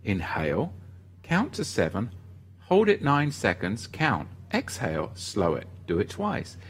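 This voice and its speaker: A man's voice: on the low side, wildly swooping pitch, a little slow, fairly bright tone, slightly rough. A man hosting a ministry livestream, chatting casually and reading viewer comments aloud in an upbeat way.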